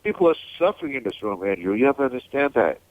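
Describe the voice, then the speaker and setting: A man's voice: medium pitch, very animated, fast talker, no echo. A male caller on a call-in show, whiny and pleading. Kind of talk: phone call-in. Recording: tinny phone line.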